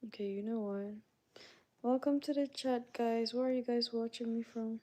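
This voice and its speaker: Speaking at a moderate pace in a slightly high, darkish voice with fairly even intonation, a woman from Canada runs a laid-back livestream. She greets viewers by name, reads their messages aloud, and chats with them.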